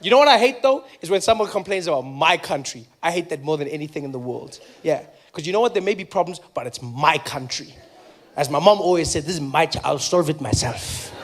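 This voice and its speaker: A South African man performing a stand-up comedy set, animated and acting out voices for punchlines. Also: fairly high pitch, fairly quick.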